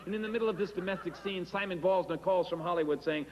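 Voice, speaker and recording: A man's voice: high voice, fast, few pauses, big-room sound, poor audio. A man performing a wry, self-deprecating storytelling monologue and acting out the dialogue himself.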